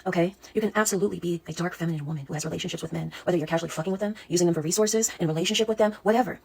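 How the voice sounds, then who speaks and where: A woman's voice: lowish voice, racing, gravelly, darkish tone, slightly rough. A woman speaking as a spiritual coach in a casual monologue, blunt, sassy and full of swearing.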